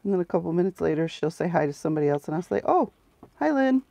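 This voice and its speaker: A woman's voice: deep voice, steady tone, rapid-fire, gravelly, dark tone, a little hiss or hum. A middle-aged woman, the host of a crafting livestream, chatting casually and sarcastically to her viewers as she works, close to the mic. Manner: chatty, sarcastic, talks to herself while working.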